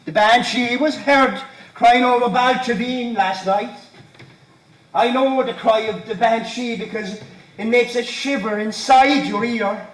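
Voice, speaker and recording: A man's voice: very high voice, a bit bright. An actor playing an odd, brooding young Irish countryman who repeats himself when frightened, on stage. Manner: halting, repeats words, fearful. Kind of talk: amateur stage play. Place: stage in a hall. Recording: echoey hall from far off.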